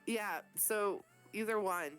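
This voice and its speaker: A woman running a tabletop game as game master, telling the scene in a casual, profane, animated way. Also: mid-range voice, slow pace, smooth, faint music behind.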